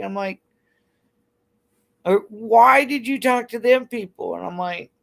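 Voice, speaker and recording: A woman's voice: fairly high pitch, unhurried, vocal fry, pauses often, fairly bright tone. A woman hosting a livestream, ranting bluntly and heatedly with constant swearing. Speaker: livestream host. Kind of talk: angry livestream rant to chat.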